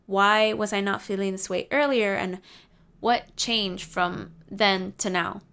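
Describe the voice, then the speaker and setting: A woman's voice: mid-range voice, steady tone, takes it slowly, vocal fry, fairly bright tone. A young adult woman vlogger giving casual, candid life advice to her viewers, confiding and swearing freely.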